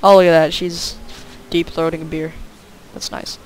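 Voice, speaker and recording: A man's voice: a little high, flat delivery, normal speed, rough recording. A young man giving rambling, jokey commentary over a game he is playing, with "like" in nearly every sentence. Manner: rambling, jokey, says "like" a lot. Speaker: gameplay commentator. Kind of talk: casual gameplay commentary. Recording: faint hiss.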